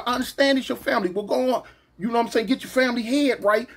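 A man casually telling a personal story to his viewers, animated and full of slang, often asking "you know what I'm saying". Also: very high-pitched, racing.

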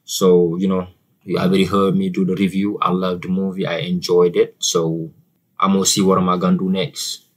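A man's voice: low-pitched, little pitch movement, moderate pace, poor audio. A man with an African accent giving a casual, chatty movie review to camera, often repeating words and using fillers.

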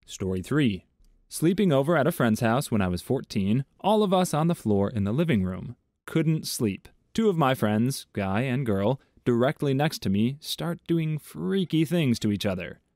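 A man reading online stories aloud in a measured, even tone, adding his own commentary between them. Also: mid-range voice, no echo, studio quality. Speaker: story narrator.

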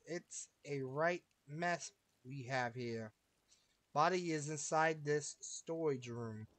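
A man voicing a weary older male sheriff in a game, speaking in a slow, measured drawl. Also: a little high.

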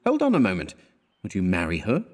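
A man's voice: sits low, huge pitch swings, brisk, in a large hall, heavily acted. A man voicing an exasperated young male art student who scolds his friend with scorn. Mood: scornful.

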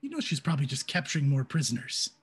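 Casting: raspy man, mid pitch, earnest player, soft music under. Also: sing-song, quick pace. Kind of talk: role-playing at a game table.

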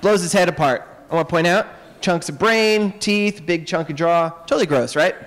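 An animated man tells myths to children at a library event, joking and darting into asides. His voice is high and lively. It echoes in a roomy hall with faint background noise. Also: normal speed. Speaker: author and illustrator. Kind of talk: lively storytelling talk to children. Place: public library event room.

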